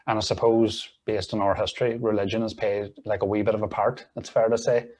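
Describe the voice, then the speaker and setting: A man's voice: lowish voice, little pitch movement, brisk, darkish tone. Sweary young Northern Irish man chatting. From Northern Ireland. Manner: sweary, jokey banter. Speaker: podcast guest. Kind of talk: casual comedy chat.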